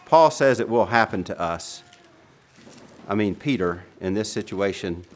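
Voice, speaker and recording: Animated preacher reading scripture dramatically. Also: male voice, lowish voice, measured pace. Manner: reads scripture aloud in dramatic, rising bursts; drops to quiet asides between readings. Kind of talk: sermon.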